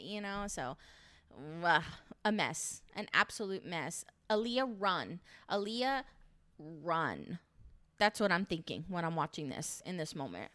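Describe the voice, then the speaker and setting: A young woman recaps a reality show straight to camera in a casual, chatty way. She is opinionated and swears freely, and her mid-pitched voice stays easy and conversational. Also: pushed and bright.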